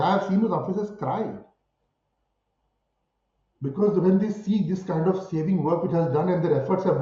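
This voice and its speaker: A man with an Indian English accent answering an interview in an impassioned way, driving his points home with rhetorical questions and forceful peaks. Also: a little high, reverberant, highs cut off. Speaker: spiritual guru interviewed about cow protection.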